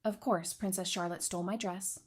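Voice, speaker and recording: A woman's voice: lowish voice, steady tone, a little fast, husky. A woman reading as a whiny lying noble girl. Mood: flustered. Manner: whiny, stammering. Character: lying, flustered young noble lady.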